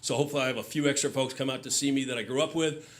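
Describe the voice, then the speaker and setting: A man's voice: medium pitch, fairly even intonation, racing. A man telling a stand-up story on stage, loose and chatty, with fillers and audience laughter. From Michigan. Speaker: stand-up comedian.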